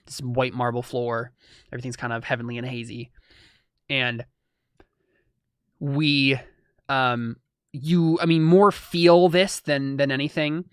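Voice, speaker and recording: A man's voice: mid-range voice, steady tone, a little slow, pauses often, clear, resonant tone, dry recording, clean studio sound. A young man narrating as game master in a rambling way with many restarts. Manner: rambling, full of fillers and restarts.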